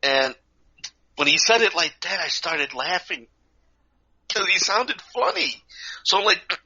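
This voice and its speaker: A man, a podcast co-host, telling a lively story in casual chat, acting out the people in it, in a dull lo-fi recording. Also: high voice, measured pace, creaky, husky. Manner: animated, acts out voices.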